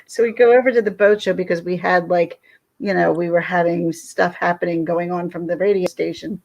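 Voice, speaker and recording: A woman co-hosting a casual chat show, telling a story in a chatty, unhurried way. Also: lowish voice, fairly even intonation, vocal fry, darkish tone. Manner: storytelling, chatty, drawn-out pauses. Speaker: podcast co-host.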